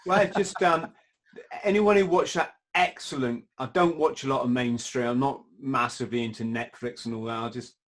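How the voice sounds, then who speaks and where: Male host, mid-pitched, easygoing talk, drifts into side comments. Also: moderate pace, a bit bright. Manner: chatty, wanders into asides, casual swearing. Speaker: podcast host. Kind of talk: casual interview chat.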